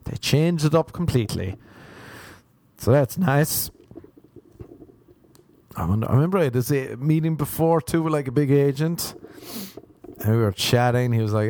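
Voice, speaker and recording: A man's voice: medium pitch, normal speed, darkish tone, dry recording. An Irish man telling rambling, self-mocking comic stories, repeating words for effect. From Ireland.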